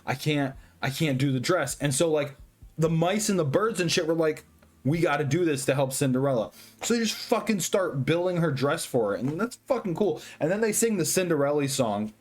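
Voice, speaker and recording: A tipsy man rambling excitedly through a profane movie review, full of fillers and swearing. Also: on the high side. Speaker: host.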